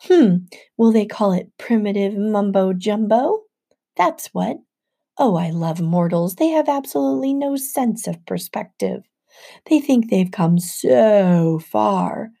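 A woman reads the part of a sneering man who runs a summer camp, impatient and mocking. He talks down to everyone in a mellow, warm tone, with a bit of added lift. It is a storybook audiobook read. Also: medium pitch, expressive, takes it slowly, gravelly, full character voice. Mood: scornful. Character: impatient, scornful male camp director. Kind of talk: audiobook narration.

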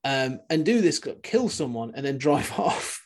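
A man's voice: medium pitch, very animated, unhurried. A man hosting a podcast in a casual chat, rambling and restarting his sentences with the odd chuckle. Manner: rambling, self-interrupting, chuckling. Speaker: podcast host.

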